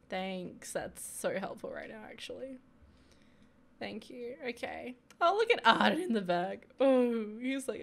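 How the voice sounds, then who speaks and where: Giggly young woman, gravelly voice. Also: a little high, animated, slow pace. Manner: chatty, giggly, reacting to the game. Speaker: gaming video creator. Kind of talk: casual gameplay commentary.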